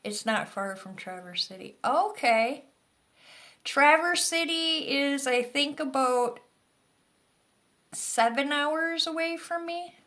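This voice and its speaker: A woman's voice: sits high, expressive, slow pace, pushed and bright. A woman from Michigan's Upper Peninsula with a Yooper accent, giving chatty, rambling psychic readings on a live stream. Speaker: psychic reader. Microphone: phone or webcam on a live stream.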